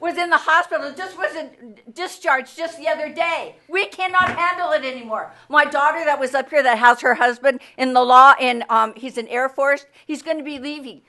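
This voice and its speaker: A woman's voice: sits high, normal speed, hardly any pauses, pushed and bright. Angry older woman pleading at a council meeting. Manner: angry, pleading, repeats herself. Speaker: resident speaking at public comment. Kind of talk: public comment at a council meeting. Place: council chamber.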